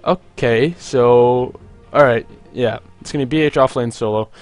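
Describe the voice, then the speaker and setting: A young man casting a video game match on his own, chatty and jokey, with many filler words and quick asides. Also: mid-range voice, faint music behind. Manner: rambling, jokey, lots of "like" fillers. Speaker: esports caster. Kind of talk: solo play-by-play commentary.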